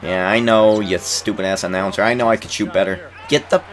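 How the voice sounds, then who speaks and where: A man's voice: lowish voice, fairly even intonation, a little fast. A man in his twenties rambling casually in commentary over a basketball video game, repeating words and chuckling. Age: 20s. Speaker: gaming YouTuber.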